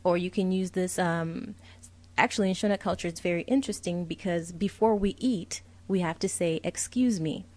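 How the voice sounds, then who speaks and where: A woman's voice: on the low side, moderate pace, a little mellow. A young adult woman teaching vocabulary, saying each word carefully and repeating it with a translation. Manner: patient, clear, explains each word with a translation. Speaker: language teacher.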